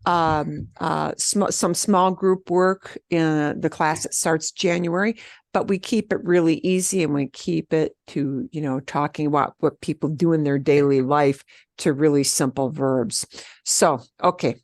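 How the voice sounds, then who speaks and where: A woman's voice: sits low, fairly even intonation, a little mellow, no room sound. Upbeat woman teaching beginner Spanish. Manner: upbeat, encouraging, models phrases slowly for repetition. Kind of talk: online beginner language class.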